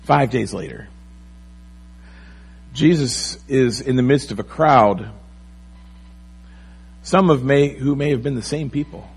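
A man preaching a sermon, with animated, rising and falling emphasis. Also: mid-range voice, slow pace, creaky, pauses often, slightly rough, poor audio. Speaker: pastor.

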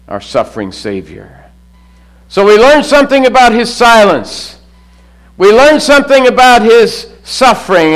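A middle-aged man delivers a sermon in a fairly high voice. He rises to loud, emphatic lines and then sinks to low, hushed drops for weight. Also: low-quality recording. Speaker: pastor.

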